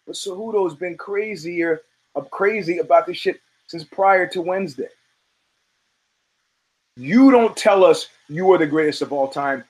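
Guy hosting his show, kinda high voice, cusses a lot, rambles and trips over his words. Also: unhurried, poor audio. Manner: blunt and profane, with frequent restarts. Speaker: show host. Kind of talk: profane rambling commentary monologue.

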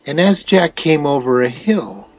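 A man narrating a storybook tale in a slow, expressive reading. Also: a little high.

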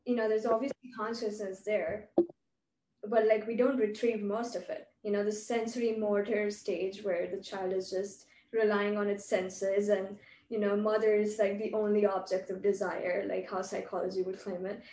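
Woman podcast host, mellow voice, thinks aloud, echoey room, mic set back. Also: medium pitch, flat delivery, moderate pace, a little hiss or hum. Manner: reflective, filler-heavy, speculative. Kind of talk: casual conversation. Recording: roomy, distant mic with faint ambience.

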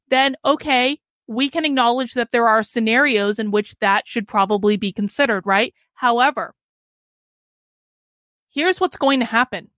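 A woman's voice: a little high, a bit bright, no room sound, studio quality. A young adult woman hosting a livestream podcast, giving emphatic, conversational commentary straight to her viewers. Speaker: podcast host.

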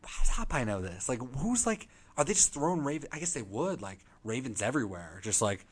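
A man co-hosting a casual chat, animated and excitable, swearing freely and jumping between quick asides. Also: medium pitch, breathy edge. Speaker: podcast co-host.

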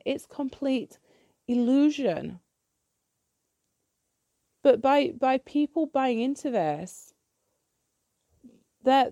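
Woman, solo podcast host, blunt swearing rant; warm tone, dry close recording. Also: a little high, no room sound. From United Kingdom. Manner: blunt, ranting, swears freely; repeats and restarts when heated.

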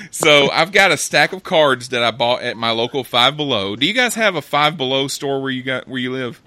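Bright, chatty male podcast host. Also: mid-range voice, expressive, normal speed. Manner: chatty, laughs often, loose self-correcting delivery. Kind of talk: casual chat. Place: home setup on a remote call.

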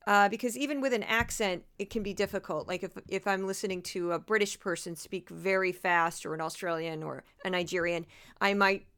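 A young woman with a New York accent hosting a solo political podcast, talking fast and loud. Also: medium pitch, clear, resonant tone. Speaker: podcast host.

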